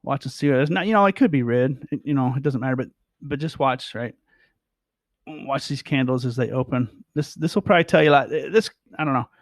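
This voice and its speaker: A man's voice: medium pitch, brisk, no room sound. A man talks through his price charts in a loose, rambling way, stumbling over words and repeating himself. His voice sits in an ordinary middle range. The sound is dry and close, with no room behind it. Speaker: crypto chart vlogger. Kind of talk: casual chart commentary.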